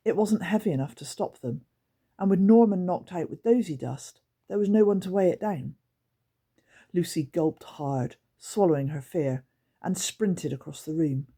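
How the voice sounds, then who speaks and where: Husky low-voiced woman reading a storybook. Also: moderate pace, mellow. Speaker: audiobook narrator. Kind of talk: reading a children's book aloud.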